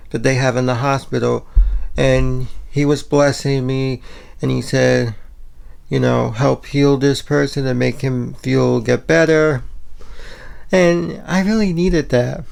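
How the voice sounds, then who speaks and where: A man's voice: medium pitch, vocal fry, darkish tone. A man talking casually in a home vlog, rambling with lots of "you know" and "like" fillers. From Puerto Rico. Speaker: vlogger. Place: home, kitchen and bedroom.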